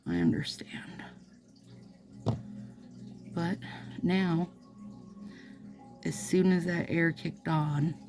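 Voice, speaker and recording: Chatty woman with a low gravelly voice. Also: dark tone. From Minnesota. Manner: chatty, rambling, playful asides. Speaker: nail vlogger. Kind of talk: casual chat to camera while applying nail strips.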